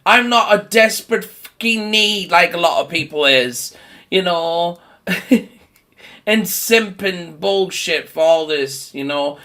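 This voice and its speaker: A man's voice: sits high, expressive, slow pace, sharp tone. A man ranting casually about horror movies, swearing often and laughing between his points, sometimes mocking people in put-on voices. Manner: mocks others with put-on voices. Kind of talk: profane casual rant.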